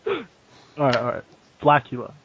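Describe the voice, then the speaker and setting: A man's voice: mid-range voice, steady tone, moderate pace, a little hiss or hum. A man hosting a podcast in casual chat, moving the talk along. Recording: dull lo-fi podcast audio.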